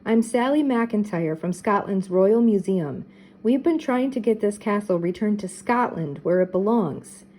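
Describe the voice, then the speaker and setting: A woman's voice: medium pitch, lively intonation, measured pace, warm tone, rough recording. A woman voicing a proud museum woman from Scotland, with a lilting, wistful way of speaking. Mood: earnest. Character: red-haired Scottish museum woman, proud.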